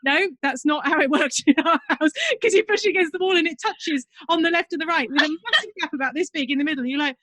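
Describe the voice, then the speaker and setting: A woman hosting a podcast, chatting casually and telling lively stories, laughing often and acting out what people said. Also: sits high, quick pace, few pauses, a little hiss or hum. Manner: chatty storyteller, laughs often, acts out quotes. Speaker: podcast host. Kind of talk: casual interview chat.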